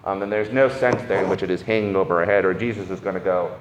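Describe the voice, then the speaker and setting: Guy preaching casual sermon, kinda low voice, lots of "right?" and "um", big echoey hall. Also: fast, a little hiss or hum. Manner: animated, conversational, frequent "right?" and "um". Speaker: preacher teaching catechism. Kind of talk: informal sermon. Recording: echoey hall, faint ambience.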